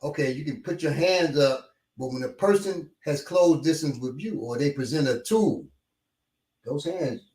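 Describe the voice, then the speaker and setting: A man casually explaining self-defense, lively, acting out scenarios with quoted lines. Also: a little high, moderate pace, recorded from a distance. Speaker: martial arts instructor. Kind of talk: casual conversation. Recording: echoey room, off-mic.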